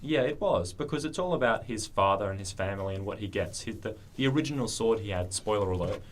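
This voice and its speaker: A man's voice: fairly low pitch, animated, quick pace. A young man on a student radio panel, making points in a mock-serious, lecturing way. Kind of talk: casual group chat.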